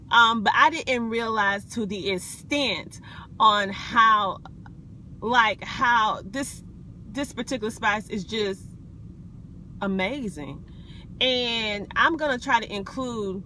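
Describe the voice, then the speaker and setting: A woman's voice: on the high side, bright, forceful tone, a little hiss or hum. A woman from South Carolina with a Southern accent, chatting casually on a live video from inside her car, folksy and full of ums. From South Carolina, USA. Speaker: wellness vlogger.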